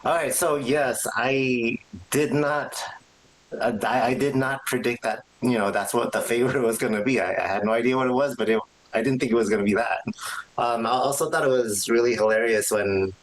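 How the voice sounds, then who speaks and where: A man's voice: medium pitch, steady tone, moderate pace, poor audio. A man co-hosting a podcast, chatting in an easygoing way with hesitant restarts. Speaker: podcast co-host. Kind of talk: casual wrestling discussion.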